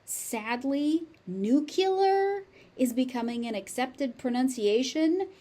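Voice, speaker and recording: A woman with a General American accent teaching pronunciation, saying each word several times slowly and deliberately. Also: high-pitched, lively intonation, dark tone. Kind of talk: slow, carefully articulated pronunciation lesson.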